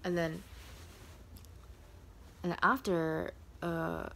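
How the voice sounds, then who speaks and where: A young woman telling a casual storytime on her vlog. She rambles, leans heavily on "like", and sometimes drops into a soft whisper. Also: on the low side, fairly even intonation, drawn-out words. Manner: rambling, heavy use of "like" fillers. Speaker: vlogger.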